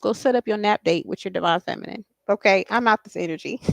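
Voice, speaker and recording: A woman's voice: medium pitch, gravelly, no echo. A woman giving a casual psychic tarot reading, reassuring and blunt, often asking "okay?" and swearing casually. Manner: reassuring, repeats "okay?" and "I feel like". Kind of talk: casual spiritual reading to camera.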